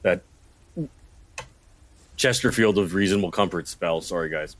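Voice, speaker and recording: A man playing in a tabletop game over a video call, wry and sweary with quick quips. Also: low voice, fairly bright tone, dry recording. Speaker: player. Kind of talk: casual game chat.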